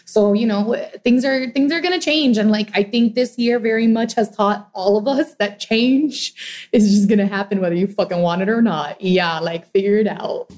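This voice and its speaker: A woman's voice: medium pitch, moderate pace, darkish tone. A woman hosting a podcast, chatting loosely, laughing often and swearing casually. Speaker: podcast host.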